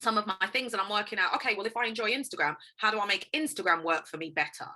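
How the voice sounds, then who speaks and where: A woman's voice: mid-range voice, very fast, sharp tone. A woman in a casual interview who talks about her choices candidly and spontaneously, with emphatic bursts and easy laughs. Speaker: guest, singer and actress. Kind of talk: casual conversation.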